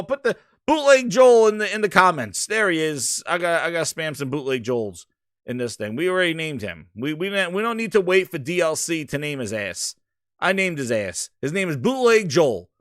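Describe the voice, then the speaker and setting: A man hosting a live stream, talking in a rambling, excitable way with casual swearing. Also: high voice, normal speed, dry recording, clean studio sound. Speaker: host.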